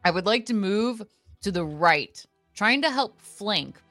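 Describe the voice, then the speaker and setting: A woman's voice: mid-range voice, animated, measured pace, fairly bright tone, no echo, faint music behind. A woman playing a tabletop game, playful and giggly. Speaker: player. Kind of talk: casual tabletop play.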